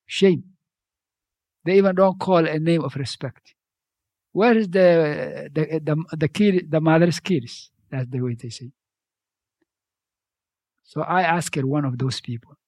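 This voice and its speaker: A man's voice: fairly high pitch, slow, pauses often, a little mellow, no room sound. Preaching man, second-language English. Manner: conversational, repeats phrases, non-native grammar. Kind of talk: sermon.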